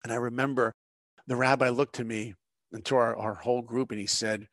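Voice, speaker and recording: This is a middle-aged man sharing stories as a guest in conversation. He has a gravelly, mid-range voice and speaks with earnest, preacher-like conviction, often pausing on rhetorical questions. The sound is close and dry, with no room behind it. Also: mid-range voice, steady tone, a bit bright, no echo. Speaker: guest, animation director. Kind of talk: dramatic storytelling in conversation.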